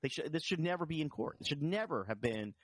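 A man's voice: a little high, fast talker, dry recording. A man who works as a TV writer, chatting casually and acting out quoted dialogue as he tells stories. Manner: animated storyteller, acts out quoted dialogue. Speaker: TV writer and producer. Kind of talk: casual conversation.

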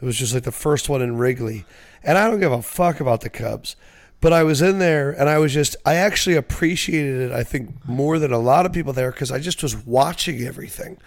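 Animated, swearing young man telling stories. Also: medium pitch, a little fast. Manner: animated storyteller, swears freely. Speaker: sports podcast host. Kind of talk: casual sports chat.

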